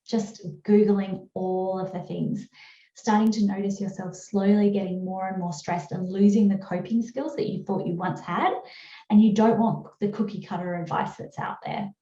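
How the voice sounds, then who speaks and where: Casting: Australian woman presenter, mellow voice, chatty and upbeat, roomy dull video-call sound. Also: fairly even intonation, moderate pace, slight background noise. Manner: chatty, upbeat sales pitch with fillers. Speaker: webinar presenter. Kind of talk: webinar presentation.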